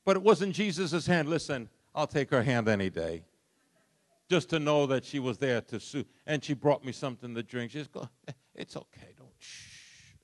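A middle-aged man preaching a sermon, swinging from soft, low lines to loud, impassioned ones. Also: animated, normal speed. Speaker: pastor.

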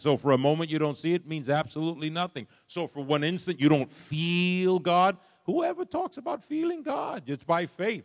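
A middle-aged man preaching a sermon, swinging from soft, low lines to loud, impassioned ones. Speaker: pastor.

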